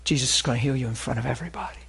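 A man preaching and telling healing stories, swinging between hushed and loud. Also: mid-range voice, rapid-fire, gravelly, husky. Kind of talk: sermon with healing testimony.

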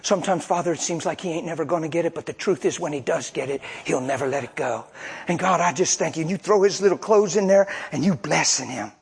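A male preacher whose slightly high voice has a rough, husky grain. He preaches in a folksy, down-to-earth way, driving his points home with plain talk and stories. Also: fast talker, hardly any pauses, darkish tone. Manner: folksy, colloquial, emphatic storytelling. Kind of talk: sermon.

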